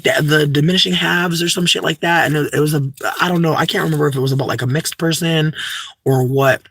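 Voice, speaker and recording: Young guy ranting to his stream chat, kinda high voice, cusses a lot, dead dry sound. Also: a bit bright, slightly rough, no room sound. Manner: profane, emphatic, many fillers and restarts. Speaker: livestreamer answering chat. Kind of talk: casual ranting commentary.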